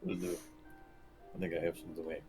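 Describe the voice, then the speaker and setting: A man's voice: low voice, monotone, fairly quick, mellow, faint music behind. A young man in a tabletop game session, speaking earnestly in character. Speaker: player.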